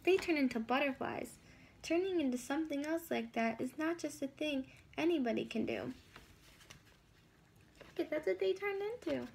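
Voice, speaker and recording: Woman reading a children's picture book, high voice, gravelly, husky. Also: expressive, moderate pace, pauses often, slight background noise. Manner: warm questions to young listeners. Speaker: children's story reader.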